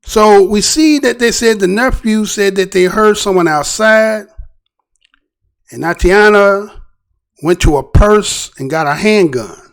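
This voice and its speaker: Man, high pitch, gravelly edge, casual news commentary, rhetorical questions. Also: unhurried. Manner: rhetorical, repeatedly asks "right?"; animated, restarts and trailing phrases. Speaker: commentary show host.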